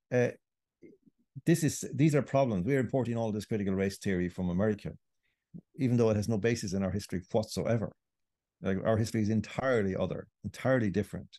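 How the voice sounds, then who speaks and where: A man's voice: fairly low pitch, mellow, dry recording, studio quality. A middle-aged Irish man, a writer and podcast guest, making a long, earnest argument. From Ireland. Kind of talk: podcast interview.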